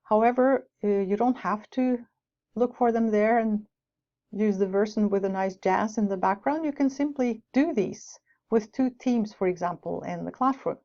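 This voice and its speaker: A woman lectures in a mellow, soft-edged voice, explaining her points with light asides. The recording is dull and lo-fi. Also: medium pitch, moderate pace. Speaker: teacher educator. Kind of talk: lecture on teaching English with rhymes.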